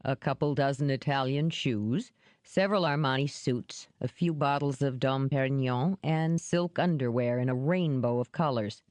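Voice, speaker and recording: A woman reading an audiobook, voicing a gruff, wary man who talks in curt, dry lines. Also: mid-range voice, moderate pace, a little mellow, no echo, close to an everyday voice.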